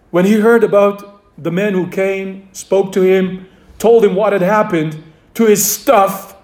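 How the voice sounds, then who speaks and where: A man preaching a sermon, emphatic, repeating key phrases and dropping to a quiet voice for weight. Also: sits high.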